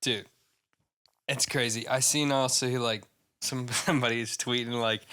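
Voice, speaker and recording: A man's voice: medium pitch, fairly even intonation, measured pace, pushed and bright, clean tone. A young man with a Midwestern accent, co-hosting a podcast in loose, slangy banter, laughing often. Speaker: podcast co-host. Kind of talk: casual chat.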